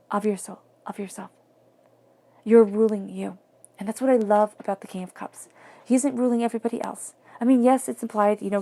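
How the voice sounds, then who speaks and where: A woman giving a tarot reading in a soft, flowing, reflective way, sometimes dropping to near-whispers. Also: mid-range voice, vocal fry. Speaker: tarot reader.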